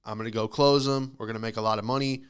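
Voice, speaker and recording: A young man hosting a comedy podcast, telling a rambling, profane story and acting out the quick back-and-forth of what people said. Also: fairly low pitch, steady tone, clear, resonant tone.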